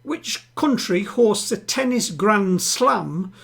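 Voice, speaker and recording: A man hosting a live-streamed home quiz, chatting with players and reading each question twice, slowly. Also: high voice, expressive, gravelly, breathy edge. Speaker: quiz host. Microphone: home streaming setup.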